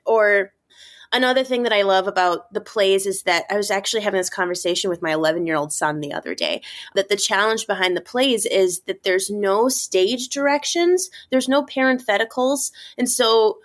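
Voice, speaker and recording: Woman, thirties or forties, teacher guest, casual chat, lively, acts out voices. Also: medium pitch, normal speed. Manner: animated, acts out student voices. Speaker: English teacher, podcast guest.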